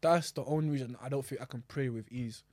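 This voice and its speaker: A young man, chatting casually as a podcast co-host in quick slangy talk. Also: mid-range voice, dry recording, studio quality. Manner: quick slangy talk, often laughing loudly. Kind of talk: casual chat.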